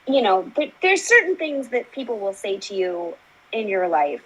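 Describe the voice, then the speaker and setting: A woman in her thirties talks as a guest in a relaxed interview. Her voice is husky and slightly breathy at an ordinary pitch. She tells candid personal stories, peppering them with filler words. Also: normal speed, dull audio. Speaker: interview guest, fitness instructor. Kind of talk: casual conversational interview.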